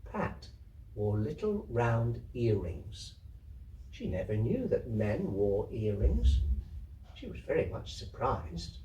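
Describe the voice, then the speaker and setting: A man giving a slow, measured live reading of a literary story at a community festival hall. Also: medium pitch, very animated, warm tone, muffled recording, slight background noise. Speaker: reader. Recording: roomy, distant hall recording.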